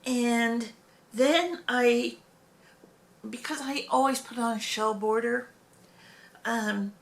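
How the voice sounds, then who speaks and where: Rambling hobby vlogger woman, fairly high voice, talks slowly, chatty and self-correcting. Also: creaky. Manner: rambling, corrects herself mid-sentence. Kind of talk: casual show-and-tell chat.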